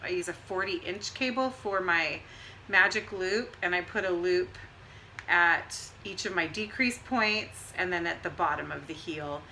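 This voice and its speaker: A woman's voice: lowish voice, a little slow, bright, forceful tone, a little hiss or hum, poor audio. A middle-aged woman co-hosting a knitting podcast, chatting casually with rambling asides and frequent laughs. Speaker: podcast co-host.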